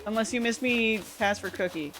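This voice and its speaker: A woman's voice: a little high, moderate pace. A young woman with a Canadian accent, a streamer chatting casually and rambling with many fillers while she plays. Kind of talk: casual livestream chat. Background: faint game music.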